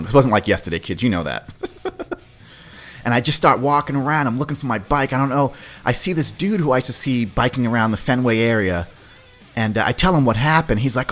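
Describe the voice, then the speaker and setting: Animated man telling a story. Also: mid-range voice, brisk. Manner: animated, swears, acts out quoted voices. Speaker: podcast host. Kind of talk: casual storytelling. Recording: faint music behind.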